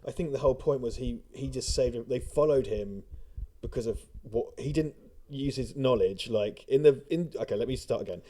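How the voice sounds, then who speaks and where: A man's voice: mid-range voice, normal speed, few pauses, mellow, a little hiss or hum. A man co-hosting a film commentary, talking casually and sarcastically, swearing often and slipping into mocking voices.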